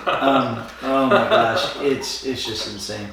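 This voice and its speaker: A man co-hosting a casual podcast, chatting over drinks and retelling scenes with quick character voices. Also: medium pitch, steady tone, fairly bright tone, very echoey, far from the mic. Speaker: podcast co-host. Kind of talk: casual chat while drinking.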